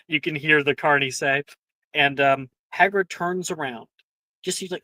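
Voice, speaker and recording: Slow, hesitant game master, dry close mic. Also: medium pitch, pushed and bright, no echo. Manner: hesitant, many fillers. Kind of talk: narrating a tabletop game.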